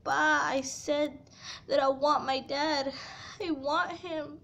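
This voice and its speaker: A woman's voice: high-pitched, steady tone, slow, fairly bright tone. A young woman vlogger telling a painful personal story to camera, heartfelt and tearful, filling her talk with "you know". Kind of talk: emotional storytime confession.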